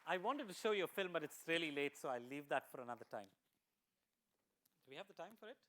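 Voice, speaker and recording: A man's voice: on the high side, very animated, quick pace, fairly bright tone, a faint crowd, a little hiss or hum. A man giving a motivational talk to teachers, telling a story in a conversational way. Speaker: guest speaker for teachers. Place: school auditorium.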